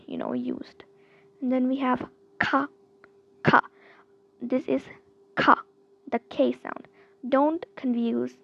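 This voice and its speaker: A woman giving a casual online lesson, going through each letter slowly and saying every sound several times, with many fillers like "um" and "you know". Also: on the high side, gravelly, muffled recording. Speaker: language teacher.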